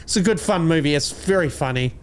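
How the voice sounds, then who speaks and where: A man's voice: fairly high pitch, lively intonation, fairly quick, slight background noise. Profane, rambling New Zealand man. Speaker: podcast co-host. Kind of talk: casual comedy chat.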